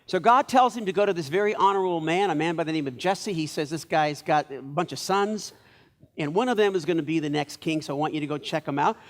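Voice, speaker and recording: A man preaching a sermon as pastor of a church, telling stories in a lively way and acting out the lines of the people in them. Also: a little high, fast talker.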